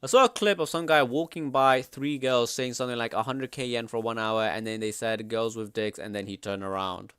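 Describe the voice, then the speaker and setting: Young streamer bloke, slangy and excitable, dry close sound. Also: male voice, medium pitch, a little fast, few pauses, clean tone, no echo. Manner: loud, slangy, excitable outbursts. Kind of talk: casual reaction commentary.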